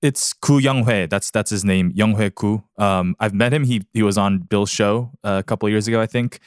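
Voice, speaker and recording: A man's voice: lowish voice, steady tone, fairly quick, smooth, no room sound, clean studio sound. A man in casual podcast chat as the show's producer, emphatic and opinionated, laughing often.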